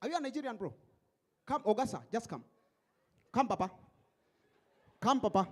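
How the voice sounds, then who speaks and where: Man, comedy host, high voice, animated, stage. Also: moderate pace, pauses often. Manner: animated, switches between English and Swahili. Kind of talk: stand-up comedy.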